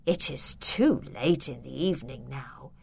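A woman's voice: rumbling low, measured pace, gravelly, breathy edge, voice pushed down, full character voice. Woman putting on a sinister vampire count. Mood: soothing. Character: sinister smooth-talking male vampire count. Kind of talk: storybook reading.

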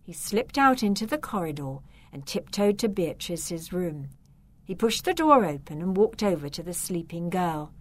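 Female storybook narrator: slow, expressive, measured. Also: on the low side.

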